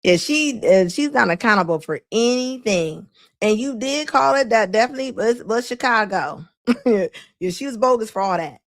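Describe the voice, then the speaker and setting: A woman's voice: on the high side, animated, moderate pace, dry recording. A woman hosting a live show and commenting on a clip, laughing often and scolding emphatically. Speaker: host.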